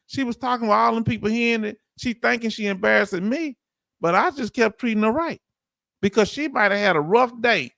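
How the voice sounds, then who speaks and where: High, gravelly Southern man on a livestream. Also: brisk, fairly bright tone, dry recording, clean studio sound. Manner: loose, folksy, calls out to viewers. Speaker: livestream host. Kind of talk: casual livestream chat reading comments.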